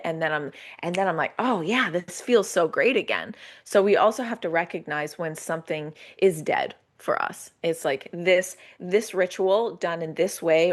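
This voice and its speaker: A woman coach talking casually as a podcast guest, animated and acting out her own inner voice as she explains. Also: low-pitched.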